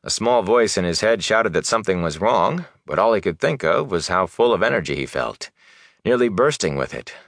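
A man narrating a fantasy novel in an expressive, dramatic way. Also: low voice, normal speed, gravelly, dry recording, clean studio sound. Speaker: audiobook narrator.

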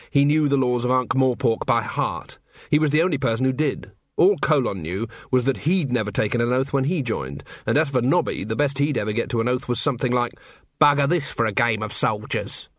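Expressive male audiobook narrator. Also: medium pitch, dry recording, clean studio sound. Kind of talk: audiobook narration of a comic fantasy novel.

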